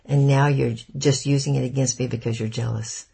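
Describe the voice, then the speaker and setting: A man's voice: mid-range voice, fairly even intonation, a little fast, vocal fry, breathy edge, exaggerated voice. A man voicing a hot-tempered young woman. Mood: angry. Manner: sharp, defiant retorts.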